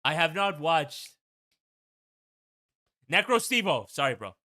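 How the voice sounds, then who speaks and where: A man's voice: fairly high pitch, sing-song, takes it slowly, sharp tone. A young man hosting a casual watch-party stream, rambling and swearing freely as he talks.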